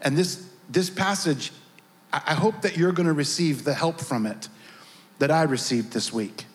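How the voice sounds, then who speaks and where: A man preaching to his congregation with a fairly high voice. He tells a story in an animated way, acting out the people in it, before the reading. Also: normal speed. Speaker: pastor. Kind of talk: sermon with personal story.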